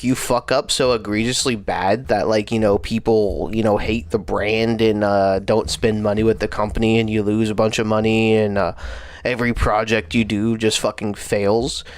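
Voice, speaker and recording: A man's voice: on the low side, fairly even intonation, normal speed, no room sound. A young man hosting a livestream, talking casually with slang and lots of fillers. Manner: laid-back slangy talk with many fillers. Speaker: livestream host. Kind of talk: casual stream chat.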